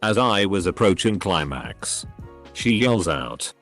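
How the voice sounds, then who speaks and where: A man's voice: deep voice, sing-song, takes it slowly, a bit bright, faint music behind. A man narrating anonymous online stories in a scripted reading, spelling out abbreviations letter by letter.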